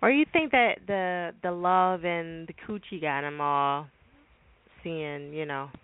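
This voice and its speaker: A woman's voice: slow, clean tone. A woman hosting a call-in radio show, talking in a blunt, profane, chatty way. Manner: acts out voices in high squeaky tones. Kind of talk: casual call-in radio talk. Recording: tinny phone-line sound with music behind.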